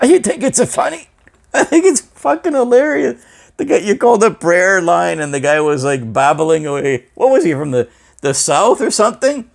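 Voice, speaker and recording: A man hosting a casual comedy interview, with deadpan teasing and plenty of swearing. His voice sits high and moves around a lot. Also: moderate pace, vocal fry. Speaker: host.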